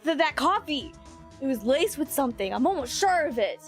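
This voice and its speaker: Woman playing earnest young male lawyer, high lively voice, faint music under. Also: brisk.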